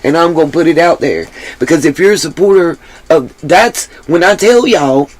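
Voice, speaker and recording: A woman's voice: sits low, moderate pace, a little mellow. A woman hosting her own livestream, talking bluntly and emphatically and swearing freely. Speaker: livestream host. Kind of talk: livestream commentary.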